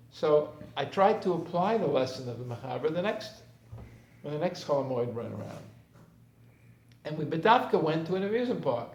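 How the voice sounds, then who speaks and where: A man's voice: fairly high pitch, sing-song, moderate pace, a little mellow. A man, a therapist, giving a conversational storytelling talk to a group. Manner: anecdotal, conversational, acts out scenes. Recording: roomy room with faint background noise.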